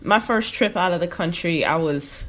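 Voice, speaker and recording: An American woman hosting a casual chat, with a voice on the low side. She is an animated storyteller who acts out quotes and laughs easily. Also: normal speed. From United States. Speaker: podcast host.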